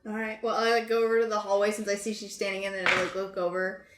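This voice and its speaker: A woman playing a tabletop role-playing game, talking in a nonchalant, deadpan way. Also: medium pitch, quick pace, roomy sound. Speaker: player. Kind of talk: casual tabletop role-play.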